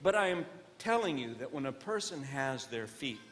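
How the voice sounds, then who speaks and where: On stage doing live stand-up, a man quizzes audience members directly and swings between earnest preaching and loud comic bits. His mid-range voice has a sing-song lilt at a normal speed, and the recording carries long hall reverb and faint noise.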